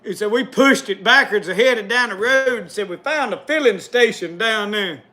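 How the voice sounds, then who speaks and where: A man spins a folksy tall tale in thick rural dialect. His voice sits very high and rings bright. He keeps breaking into chuckles at his own story. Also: moderate pace.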